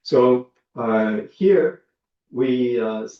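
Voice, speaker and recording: Man giving a roomy lo-fi lecture. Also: medium pitch. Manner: measured, many ums and uhs, explains with examples. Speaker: linguistics lecturer. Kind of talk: academic lecture. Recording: dull lo-fi sound, roomy, from a distance.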